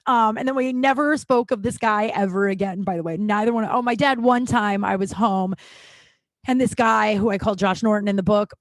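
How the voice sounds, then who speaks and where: A woman's voice: on the high side, no echo. Chatty woman podcaster telling a story. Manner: chatty, rambling, many fillers and restarts. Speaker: podcast host. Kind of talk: casual storytelling monologue.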